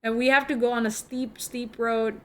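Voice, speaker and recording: A woman's voice: a little high, flat delivery, moderate pace, fairly bright tone. A young woman, chatting casually to her stream viewers and rambling through a story. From Indonesia.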